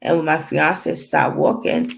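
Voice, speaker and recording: A woman with a low-pitched voice, big pitch swings and vocal fry speaks at a measured pace. On camera, she tells a painful family story in a rambling, emotional way, performing the dialogue and fighting tears. The recording is low quality.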